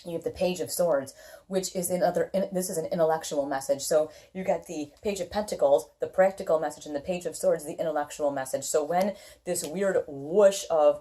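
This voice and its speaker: A woman's voice: sits low, brisk, mellow. A woman doing a casual tarot reading, chatty and reassuring, often checking in with "okay?". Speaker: tarot reader.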